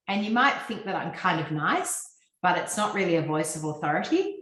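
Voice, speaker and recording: A woman's voice: fairly low pitch, big pitch swings, a little fast, a bit bright, reverberant, rough recording. An Australian woman giving a fluent, instructive business talk over a video call, with frequent ums. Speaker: guest speaker on personal branding. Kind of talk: presentation to a business audience.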